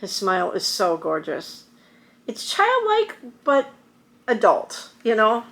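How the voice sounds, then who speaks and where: A woman's voice: mid-range voice, huge pitch swings, slow, vocal fry, fairly bright tone. A middle-aged woman vlogging to camera, telling a personal story in a rambling, emotional way with many restarts. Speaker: YouTuber.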